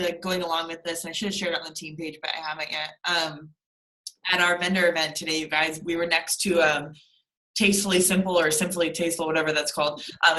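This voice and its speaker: A woman on a video call, telling an animated, casual story and acting out the dialogue, swearing now and then. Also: lowish voice, rough recording. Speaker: team member on a group video call.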